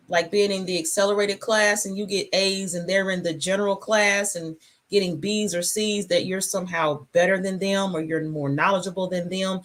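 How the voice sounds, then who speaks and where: A woman hosting a casual livestream from her home, talking in a relaxed, rambling, reflective way. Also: on the low side. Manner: talks with food in her mouth. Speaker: channel host.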